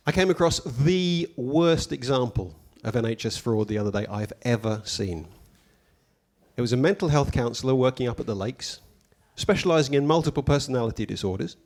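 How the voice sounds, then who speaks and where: A man doing a stand-up comedy routine, telling stories in a deadpan, mock-pompous way with dry asides. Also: mid-range voice, moderate pace.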